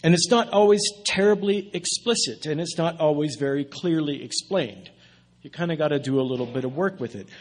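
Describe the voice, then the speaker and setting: A man preaching as a guest speaker in a relaxed, self-deprecating way, with asides and restarts. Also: mid-range voice. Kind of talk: casual sermon.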